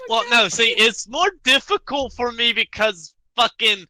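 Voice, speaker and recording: Southern man with a bright sharp voice. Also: extremely high pitch, no room sound, low-quality recording. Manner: quick, joking, crude banter. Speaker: podcast co-host. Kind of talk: casual chat.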